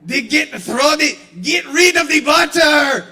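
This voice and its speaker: A man's voice: very high voice, a little slow, sharp tone, voice pushed up, exaggerated voice. A man doing an impression of a macho action-hero muscleman who barks urgent commands at a live open mic. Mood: urgent shouting.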